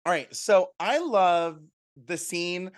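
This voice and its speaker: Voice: mid-range voice, lively intonation, slow. A podcast co-host in casual chat, playful and laughing often.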